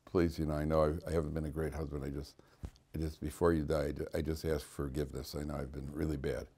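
A man voicing a remorseful husband asking forgiveness, halting and quiet, with repeated stops. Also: a bass voice, little pitch movement, husky, pitched below the performer's own voice. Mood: pleading.

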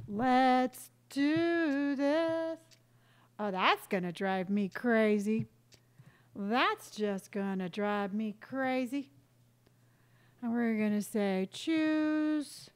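A woman streamer chatting casually with her viewers while starting a game, greeting each one by name and yelping when startled. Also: a little high. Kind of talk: casual live-stream chat while gaming.

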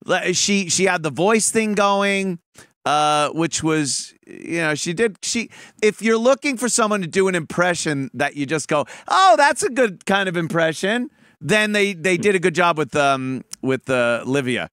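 A man hosting a call-in radio show, talking in a profane, animated, mocking way. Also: high-pitched, a little slow, clear, resonant tone, no room sound, clean studio sound. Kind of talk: casual call-in talk.

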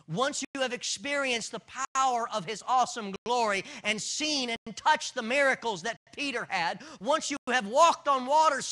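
High-voiced man preaching intensely. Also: pushed and bright. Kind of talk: dramatic sermon. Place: church service.

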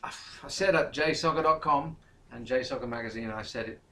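A jokey man rambling through football banter, his voice bright and forceful. He sits a little back from the mic, so he sounds slightly distant. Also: medium pitch, brisk. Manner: jokey, rambling, drops French phrases. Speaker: vlog co-host. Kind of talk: casual football chat.

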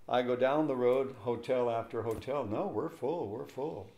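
An older pastor recounts a story for an interview at a moderate pace with few pauses, animatedly acting out the dialogue of those involved. His voice is mid-range, and there is room echo.

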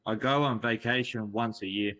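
A man voicing a deadpan traveler in a roleplay game, speaking in slow, flat, laconic lines. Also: on the low side, natural voice. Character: deadpan male islander traveler. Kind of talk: in-character roleplay chat.

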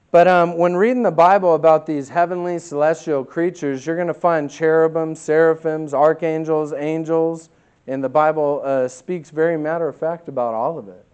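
A man pastor teaching a Bible study in a casual, conversational way, with many fillers and lively bursts of emphasis. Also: fairly high pitch, clear, resonant tone, highs cut off. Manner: conversational, many fillers, reads scripture aloud; animated, acts out voices with bursts of emphasis.

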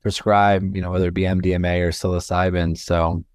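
A man from Florida, a chemistry professor, talking as a podcast guest in a thoughtful, measured way with frequent fillers. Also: sits low, flat delivery, darkish tone, smooth, no room sound, clean studio sound. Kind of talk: casual interview talk.

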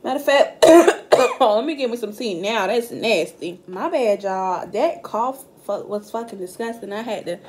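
A woman's voice: fairly high pitch, lively intonation, unhurried, darkish tone. A woman giving a casual tarot reading straight to camera. She is blunt and profane and talks directly to her viewers. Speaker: tarot card reader. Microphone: camera mic.

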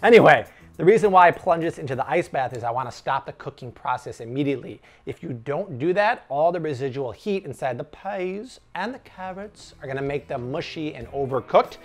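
A man's voice: on the high side, lively intonation, fairly quick, faint music behind. A man hosting a casual cooking demonstration, upbeat and jokey as he explains each step. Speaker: cooking show host.

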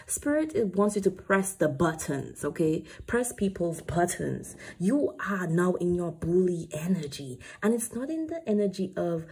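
Female tarot reader, deeply husky and mellow, emphatic and preachy, curses freely. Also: expressive, unhurried, hardly any pauses. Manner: emphatic, preachy, swears casually. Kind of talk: spiritual tarot reading.

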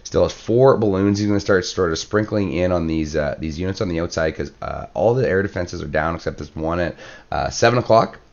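A man with a very deep voice narrates a strategy game battle in relaxed play-by-play, voice worn hoarse and cracking. He fills gaps with "uh" and "um" and clears his throat often. The recording sounds a little muffled and lo-fi. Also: fairly quick. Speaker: clan war commentator. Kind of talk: gameplay commentary.

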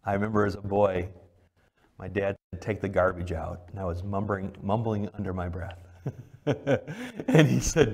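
Lower-voiced man preaching a sermon. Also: normal speed. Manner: swings between loud emphatic lines and low quiet ones; asks the congregation direct questions. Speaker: pastor. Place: church service.

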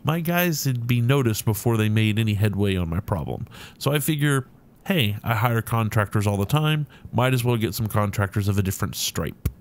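Guy voicing a pushy balding dwarf producer, rough fake new york accent, lowish voice. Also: lively intonation, normal speed, lightly acted. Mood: confiding. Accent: put-on rough New York. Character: rotund balding male dwarf film producer, pushy and crass.

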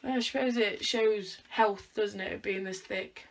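A woman's voice: medium pitch, moderate pace, gravelly. A young woman chatting casually at home in a vlog, thinking aloud in a self-mocking, chatty way while she styles her hair. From United Kingdom. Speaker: vlogger.

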